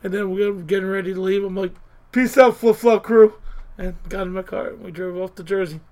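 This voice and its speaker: A man with a high voice co-hosts a loose, casual podcast. He jokes around and hops from one topic to the next. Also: level tone, fast, a little mellow. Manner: playful, scattered, joking. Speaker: podcast co-host. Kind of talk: casual chat.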